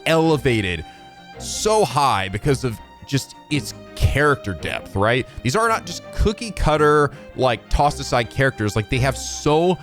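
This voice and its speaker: A young man chats through a game playthrough in a loose, energetic ramble, dropping the odd swear. His pitch rises and falls in lively swings. Faint game music plays underneath. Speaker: let's play host. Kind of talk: casual gameplay commentary.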